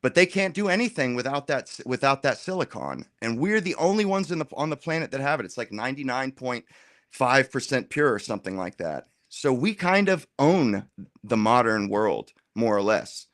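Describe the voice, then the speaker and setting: A man argues his side in a casual roundtable with slangy, animated delivery. His voice sits at a middle pitch. The sound is dry and close, with no room echo. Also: moderate pace. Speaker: roundtable guest. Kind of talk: casual political debate.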